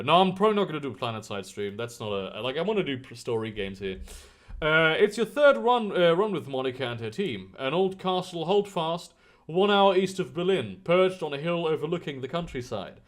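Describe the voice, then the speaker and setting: A man streaming a video game, reading its story text aloud and chatting casually in between. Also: fairly high pitch.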